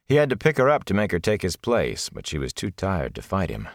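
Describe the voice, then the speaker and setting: A male audiobook narrator with a very low, deep voice, reading fantasy prose in a steady, measured way. The recording is close and completely dry, with no room sound. His delivery lingers over the grim images. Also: no echo.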